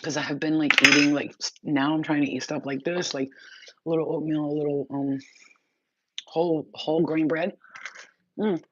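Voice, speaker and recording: A woman's voice: deep voice, level tone, normal speed, long pauses. A woman chatting casually on a livestream, rambling, swearing freely and laughing often. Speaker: livestream host. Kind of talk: casual live-stream chat. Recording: muffled lo-fi audio with loud background noise.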